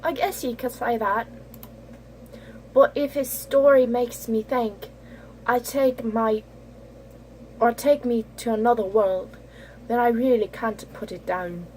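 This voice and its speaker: A woman voicing a shy bookish teenage girl in a halting, wavering British-ish accent while reading a visual novel aloud. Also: mid-range voice, a little mellow, slight background noise, natural voice, poor audio. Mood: timid.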